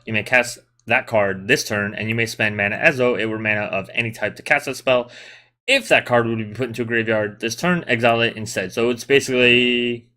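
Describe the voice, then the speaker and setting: A man's voice: mid-range voice, steady tone, fairly quick, pushed and bright. A man hosting a casual gaming podcast, chatty and teasing, explaining rules at length. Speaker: podcast host.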